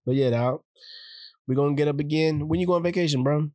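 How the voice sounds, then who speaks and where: A man's voice: fairly high pitch, fast, dry recording, clean studio sound, soft background music. A man hosting a podcast, telling a story in casual chat and acting out other people's lines. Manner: animated, laughing, acts out other people's lines. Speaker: podcast host.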